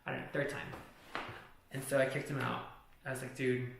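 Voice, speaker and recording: A man's voice: medium pitch, little pitch movement, a little fast, vocal fry, noisy background. A man vlogging a personal story in casual, rambling talk, swearing often and saying "like" a lot. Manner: profane, rambling, heavy use of "like". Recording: echoey room.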